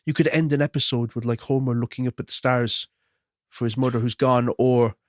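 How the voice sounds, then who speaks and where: A man's voice: mid-range voice, fairly even intonation, a little fast, no room sound, clean studio sound. Chatty opinionated male co-host. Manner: chatty, opinionated, does little mock voices. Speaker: podcast co-host. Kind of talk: casual film chat.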